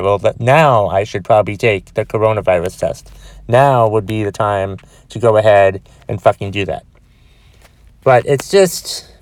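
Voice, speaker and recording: A man's voice: mid-range voice, darkish tone, dry recording. A man with a cold hosting a solo podcast, frustrated and swearing heavily as he rambles with restarts. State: has a cold with a cough. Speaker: podcast host.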